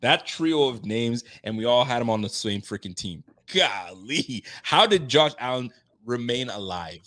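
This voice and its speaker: A man hosting a casual sports podcast, animated and laughing, getting loud for emphasis. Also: medium pitch, unhurried. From Haitian roots. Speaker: podcast host.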